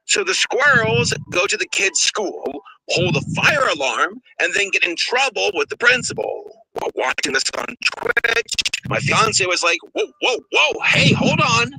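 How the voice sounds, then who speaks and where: A man's voice: high voice, very animated, moderate pace, pushed and bright, slight background noise, low-quality recording. A man narrating a comedic movie review in a sarcastic, exasperated way. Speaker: video reviewer.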